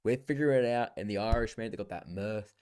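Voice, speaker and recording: A young man chatting casually on a live stream, slangy and profane, with sudden excited bursts. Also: lowish voice, fast, clear, resonant tone, no room sound, clean studio sound. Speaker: livestreamer.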